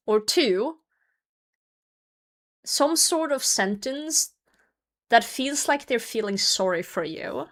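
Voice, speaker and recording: A woman's voice: fairly high pitch, expressive, takes it slowly, a bit bright. A woman streamer chatting casually with her viewers while she plays, laughing often and swearing lightly. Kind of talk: casual livestream chat while gaming.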